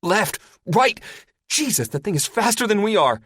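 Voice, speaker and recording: A male narrator performing a panicked jet weapons officer, cursing as he barks over the comm. His voice jumps high and loud with a lively swing. The sound is dry and close. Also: moderate pace, no room sound. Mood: shouting. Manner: shouting over the comm, swearing. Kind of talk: audiobook character voice.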